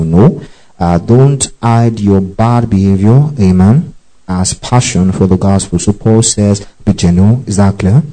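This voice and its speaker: Dark-voiced male preacher teaching scripture. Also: on the low side, fairly even intonation, normal speed, poor audio. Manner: checks in with listeners often; spells out and repeats key phrases. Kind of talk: Bible teaching.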